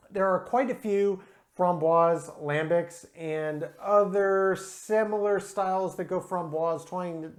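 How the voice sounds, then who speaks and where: A host reviewing craft beer in a casual talk to camera, enthusiastic and methodical, scoring each category aloud with frequent "uh" and "um" fillers. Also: mid-range voice.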